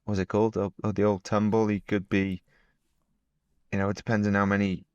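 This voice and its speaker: A man's voice: fairly low pitch, flat delivery, brisk, a little mellow, smooth, dry recording, muffled recording. A man in his thirties, a podcast co-host talking bluntly and chattily, offering wry opinions. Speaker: podcast co-host, pro cyclist. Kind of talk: casual chat.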